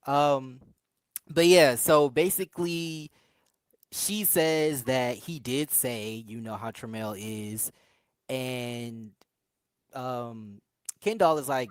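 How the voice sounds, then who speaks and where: A woman's voice: extremely low pitch, animated, slow, no room sound. A chatty woman recaps a reality show in loose, casual talk. She laughs often and slips into quoted voices as she tells it. The sound is close and dry. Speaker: podcast co-host reviewing a reality show.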